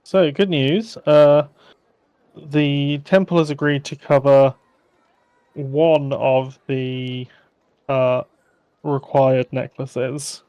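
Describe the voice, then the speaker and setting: Slow-talking man at a game table. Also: medium pitch, steady tone, darkish tone, smooth, no echo, muffled recording. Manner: halting, hesitant speech. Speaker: player. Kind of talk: casual table talk.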